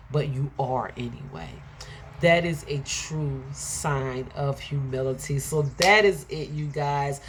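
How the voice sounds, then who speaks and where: Slow, low-voiced Philly woman giving affirmations. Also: a little hiss or hum. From Philadelphia. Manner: emphatic, repetitive, preacher-like. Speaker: motivational speaker. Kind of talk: motivational affirmation talk.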